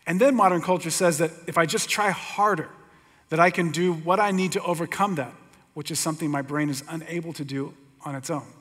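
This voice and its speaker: Middle-aged man, pastor, slightly higher voice; casual, humorous sermon storytelling; long hall reverb. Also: a little fast, a bit bright. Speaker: pastor teaching.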